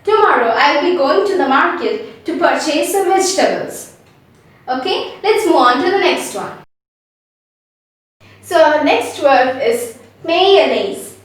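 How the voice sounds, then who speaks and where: High-voiced woman teaching pronunciation, echoey. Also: expressive. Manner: repeats words slowly, often checks with "okay?". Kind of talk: spelled-out pronunciation lesson. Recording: very echoey room, mic far away.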